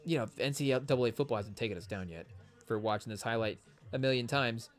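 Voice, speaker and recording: A man's voice: medium pitch, fast talker, soft background music. A young man hosting a live sports podcast in a casual, rambling way, often restarting his sentences and joking with his chat. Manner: rambling, self-interrupting, jokey. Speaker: podcast host.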